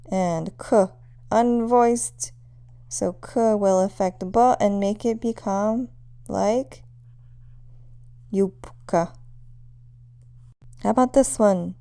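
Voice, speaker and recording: A woman's voice: medium pitch, mellow, clean tone. A woman teaching a pronunciation lesson, patiently demonstrating sounds one at a time. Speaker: language teacher.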